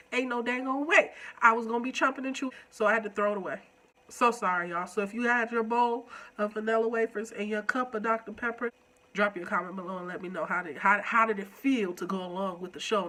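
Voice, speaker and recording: A woman with a stuffed-up nose giving a playful, animated recap review of a TV episode. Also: medium pitch. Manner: animated and playful, with slangy asides. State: stuffed up with a cold. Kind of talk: casual recap vlog.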